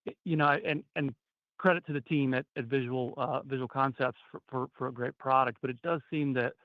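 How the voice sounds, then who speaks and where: A male analyst poses a long, winding question, restarting phrases often. His voice is mid-pitched. It comes through a muffled, dry phone connection. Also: fairly even intonation, brisk, no room sound. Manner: rambling, many restarts. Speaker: financial analyst asking questions. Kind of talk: earnings call question.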